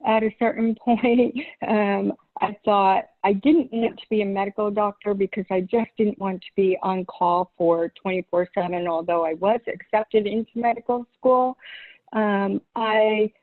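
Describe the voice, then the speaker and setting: Heard over a tinny, phone-like line with no echo, a middle-aged woman from Long Island guests on a podcast as a holistic chiropractor. She answers in a relaxed but hesitant way, full of ums and small laughs, her medium-pitched voice steady and unhurried.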